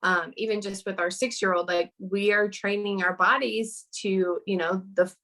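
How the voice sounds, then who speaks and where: A woman's voice: medium pitch, fairly even intonation, moderate pace, fairly bright tone, rough recording. A woman speaking as a guest in a casual interview over a video call, earnest and chatty with lots of fillers.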